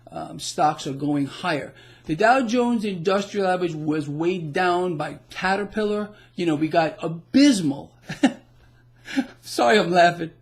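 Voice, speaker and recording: A man with a fairly high voice delivers casual market commentary on his own blog. He talks in an emphatic, boastful way and leans hard on his opinions. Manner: emphatic, boastful, laughs at the news. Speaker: financial blogger.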